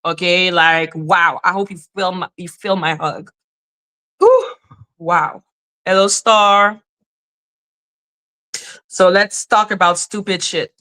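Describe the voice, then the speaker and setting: A woman's voice: lowish voice, fairly even intonation, slow, long pauses, bright, forceful tone. A woman hosting a casual livestream, talking to her chat in an emotional, openly apologetic way and swearing freely. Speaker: livestream host reading chat.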